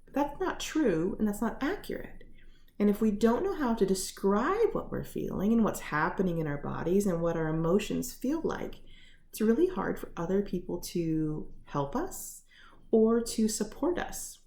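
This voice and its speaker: A woman giving a casual lesson on feelings from her living room, explaining gently with many fillers. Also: mid-range voice, sing-song, normal speed, roomy sound. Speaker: teacher.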